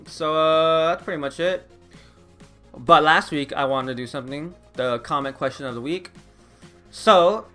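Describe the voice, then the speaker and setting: A young man in his late teens or early twenties, with a slightly high, sharp voice, is vlogging. His casual chat rambles, packed with "like" and frequent laughs.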